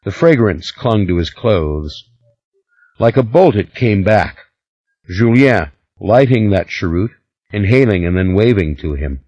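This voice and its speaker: A male narrator reads in a measured, expressive voice. His voice is low but moves through a wide range, and the recording is dry and a little dull. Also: no echo. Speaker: audiobook narrator. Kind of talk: scripted narration.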